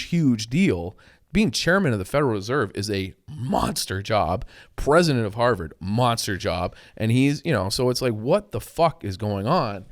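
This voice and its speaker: A man talking casually as a podcast co-host, rambling and swearing, with many fillers. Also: mid-range voice. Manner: rambling, profane, filler-heavy. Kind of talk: casual chat.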